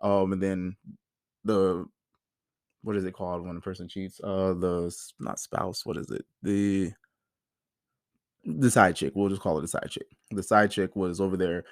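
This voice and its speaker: A man in his thirties with a lowish voice rants through a casual podcast monologue, heated and full of profanity. The sound is dry and close, with no room around it. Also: a little slow, pauses often, no echo. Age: 30s. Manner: heated, profane, animated storytelling. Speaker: podcast host.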